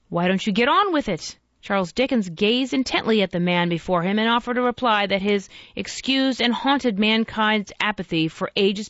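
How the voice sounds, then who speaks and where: A woman narrating a story aloud in a measured, expressive reading. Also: mid-range voice, dry recording, lo-fi sound.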